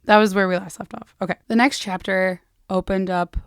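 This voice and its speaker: A woman co-hosting a podcast, recapping a novel in casual chat and lively acting out the characters' lines. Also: medium pitch, brisk, smooth, dry recording, studio quality. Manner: animated storytelling, acts out characters' lines, swears, laughs. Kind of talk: casual book-club chat.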